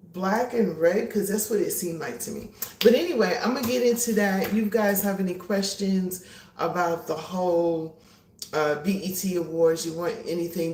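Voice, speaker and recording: A woman's voice: medium pitch, far from the mic, a little hiss or hum. Chatty woman vlogging in an echoey kitchen. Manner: chatty, animated, greets viewers. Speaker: livestream host. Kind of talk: casual chat. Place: home kitchen.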